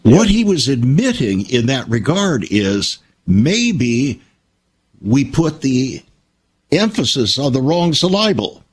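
An older man telling stories and reflecting in an emphatic, measured conversational way. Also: mid-range voice, sing-song, husky.

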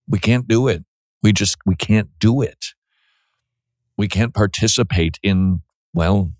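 A man's voice: low-pitched, no echo, clean studio sound. A male radio host giving blunt, preachy commentary on a call-in show, often restarting his sentences.

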